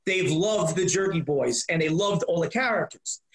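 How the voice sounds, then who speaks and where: Rambling high-voiced man in casual chat. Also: animated, normal speed, poor audio. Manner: rambling, with many restarts and repeated words. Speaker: guest, prank-call comedian.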